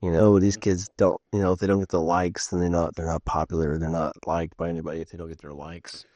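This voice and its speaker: A middle-aged man with a fairly low voice co-hosts a casual podcast chat. He tells stories in an animated way and swears freely. The sound is dry and close. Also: quick pace, dry recording. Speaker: podcast co-host.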